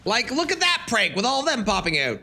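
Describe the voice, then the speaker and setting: A man's voice: very high voice, wildly swooping pitch, a little fast, gravelly, bright, forceful tone. A man casually commenting on his live game stream, chatting with viewers and breaking into yelps and exclamations at enemies.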